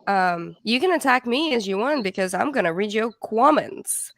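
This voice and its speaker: A woman's voice: a little high, animated, moderate pace, no room sound. Woman hosting a livestream, reading comments, chatty and giggly, dry close mic. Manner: chatty, laughs easily, trips over words. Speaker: livestream host. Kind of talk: casual livestream chat, reading comments aloud.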